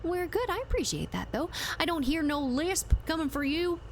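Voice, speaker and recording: A woman with a very high, lively voice livestreams a game from a closed-door room at home, chatting playfully with her viewers and answering their messages at a moderate pace. Her streaming mic runs through a compressor, and there's a faint hiss or hum.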